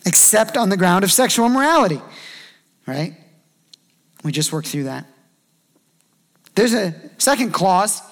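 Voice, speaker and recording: A pastor gives a sermon in a loose, conversational preaching style, his voice high for a man and gravelly. He drops in brief acted-out quotes to make his points.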